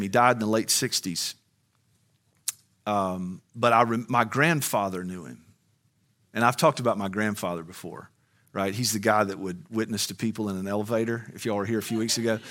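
A man's voice: mid-range voice, a bit bright. A man preaching a sermon, moving from a conversational tone to fiery, soaring emphasis. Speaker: pastor.

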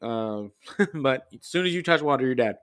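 A man's voice: medium pitch, animated, moderate pace, fairly bright tone. A man hosting his own podcast, chatting loosely and rambling a bit, with many fillers and restarts. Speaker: podcast host. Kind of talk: casual solo podcast chat.

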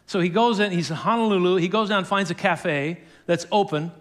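High-voiced guy preaching, telling a story and doing the quotes with little chuckles. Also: a little fast, fairly bright tone. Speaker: pastor. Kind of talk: sermon.

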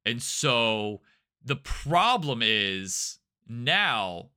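A man's voice: mid-range voice, very animated, very slow, bright, forceful tone, clear, resonant tone. A man co-hosting a podcast in casual chat, explaining plans at length with plenty of fillers. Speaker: podcast co-host.

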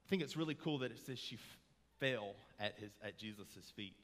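A man's voice: lowish voice, expressive, fairly quick, fairly bright tone. A man preaching a sermon in a church, moving from casual asides to impassioned emphasis. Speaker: pastor. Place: church sanctuary. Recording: long hall reverb.

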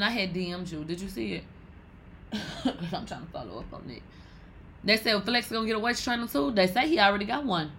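A woman in her thirties hosting a podcast, giving blunt, profane, animated gossip commentary. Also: mid-range voice, slight background noise, poor audio. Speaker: podcast host.

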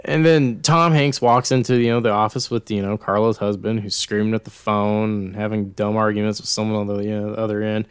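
A man co-hosting a podcast in casual, animated chat, laughing often and swearing. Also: lowish voice, fairly quick, hardly any pauses, clean tone, no room sound. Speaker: podcast co-host.

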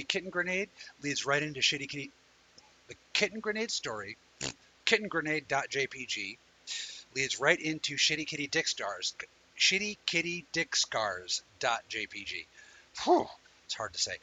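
A man's voice: medium pitch, pushed and bright, husky, poor audio. A man hosting a live online talk show, chatting in a rambling way and telling stories animatedly to viewers he greets by name. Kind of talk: casual livestream chat.

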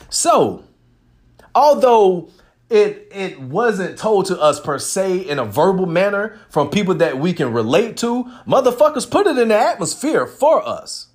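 Podcast host, man with a high voice that swings a lot, animated and profane. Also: a little slow. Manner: animated, profane, emphatic storytelling. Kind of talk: casual monologue.

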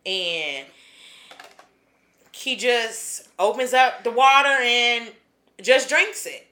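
Bright-voiced blunt woman podcast co-host. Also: on the high side, animated, very slow. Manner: blunt, swears freely, laughs often. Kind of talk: casual podcast chat.

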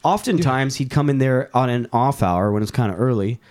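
A man's voice: mid-range voice, lively intonation, brisk, darkish tone. A young man spins a long, profane story in loose podcast chat. He rambles, quotes people in passing and curses freely. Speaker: podcast host.

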